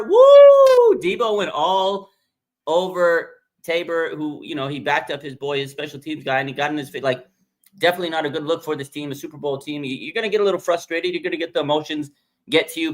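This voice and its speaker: A man's voice: a little high, fast talker. A man hosting a live fan reaction show, talking emphatically, repeating points and using lots of fillers. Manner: animated, emphatic, repeats himself, frequent fillers. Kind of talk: live sports reaction talk.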